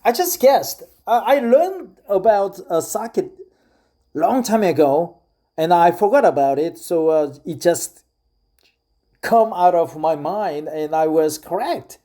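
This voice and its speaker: Speaking English as his second language, this middle-aged South Korean vlogger has a Korean accent and a high, animated, dark-toned voice. He talks casually but hesitantly, pausing often with fillers.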